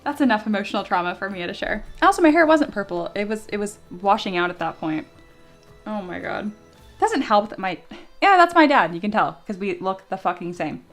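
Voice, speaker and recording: A woman's voice: mid-range voice, animated, brisk, soft background music. Giggly young woman streamer, swearing freely. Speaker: streamer and 3D sculptor. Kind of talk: casual live-stream chat.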